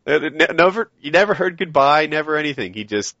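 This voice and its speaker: Chatty, laughing man with a lively voice. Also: on the high side, brisk, dry recording, muffled recording. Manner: laughs often, chatty and easygoing. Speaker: podcast co-host. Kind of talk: casual chat.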